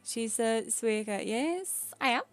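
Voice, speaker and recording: A woman's voice: on the high side, lively intonation, slow, faint music behind. A woman whose first language is Swedish, chatting casually while streaming a game, giggling often and rambling with repeated words. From Sweden.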